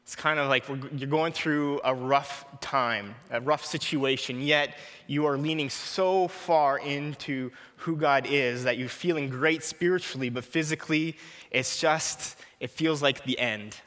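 A man's voice: fairly high pitch, a little slow, fairly bright tone, big-room sound. A man in his thirties preaching an earnest, personal sermon, often repeating a short prayer.

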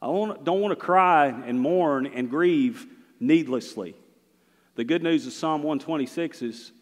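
A middle-aged man, a pastor preaching a sermon, swinging between loud and hushed delivery. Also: mid-range voice, long reverb tail.

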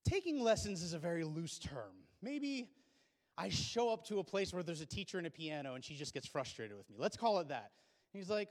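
Preacher in a reverberant hall. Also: male voice, high voice, moderate pace. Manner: storytelling, swings from hushed to loud and excited. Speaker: pastor. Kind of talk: sermon.

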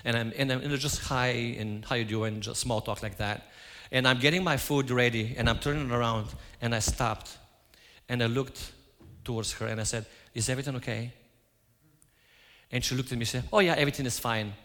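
A man's voice: mid-range voice, steady tone, fairly quick, fairly bright tone. Man preaching in a reverberant church. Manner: storytelling, acts out his own quoted lines. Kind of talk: sermon. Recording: hall reverb.

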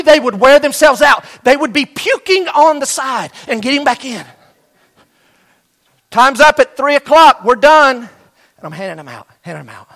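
Man, middle-aged, pastor, sermon, high voice, storytelling with acted-out voices. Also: lively intonation, fairly quick, bright, forceful tone. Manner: storytelling, acting out voices of students and coach.

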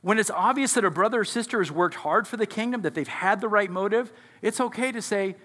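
A man's voice: high voice, brisk, pushed and bright, long reverb tail. A male pastor preaching a sermon to his congregation in a conversational way, often asking them questions. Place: church sanctuary before a congregation.

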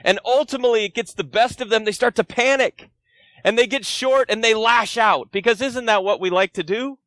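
Man in his 40s, guest pastor preaching earnestly, high voice, dry close sound, storytelling with questions to the pews. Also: brisk, a bit bright, no room sound. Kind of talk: sermon.

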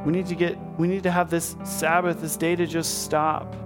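A man preaching a sermon, talking to his congregation in a conversational way that builds into animated urging. His voice sits a little high for a man. Soft instrumental music plays faintly underneath. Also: normal speed. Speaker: pastor.

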